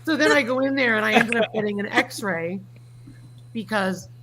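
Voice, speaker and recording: A woman's voice: on the high side, normal speed, a bit bright, a little hiss or hum. A middle-aged woman hosting a casual livestream chat. She tells folksy stories and reads viewer comments aloud. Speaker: livestream host.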